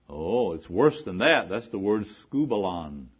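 A man's voice: fairly low pitch, expressive, moderate pace, hardly any pauses, husky. A male preacher delivering an emphatic sermon, repeating phrases and posing rhetorical questions. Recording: dull lo-fi recording.

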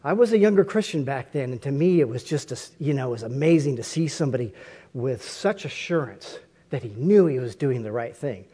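A man's voice: mid-range voice, animated, brisk, dark tone, husky. A man preaching a conversational sermon, often asking his listeners rhetorical questions.

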